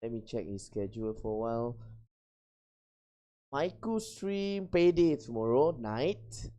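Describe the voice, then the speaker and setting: A young streamer chats at an unhurried pace. The voice swings widely in pitch, and the talk is giggly and flustered, with frequent bursts of high laughter. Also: lively intonation, warm tone. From Malaysia. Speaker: VTuber streamer. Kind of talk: casual live-stream chat.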